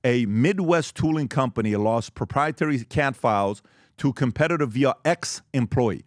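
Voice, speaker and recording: A man hosting a business presentation to a live audience, direct and emphatic, telling stories with lively acted-out exchanges. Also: mid-range voice, no room sound, clean studio sound. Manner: animated storytelling, acts out quoted exchanges; direct and emphatic, lists points quickly. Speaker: host giving a business talk.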